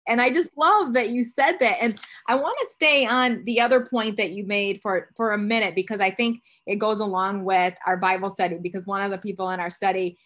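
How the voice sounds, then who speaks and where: A woman's voice: mid-range voice, steady tone, a little fast, few pauses. A woman in her fifties hosting a faith interview podcast, talking in a chatty way with many asides. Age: 50s. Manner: chatty, warm-hearted asides with many fillers. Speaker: podcast host. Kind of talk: conversational interview.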